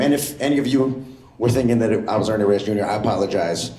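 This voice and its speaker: A man doing a stand-up comedy set in a comedy club, animated and jumping into loud impressions. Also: lowish voice, fast, reverberant, background noise.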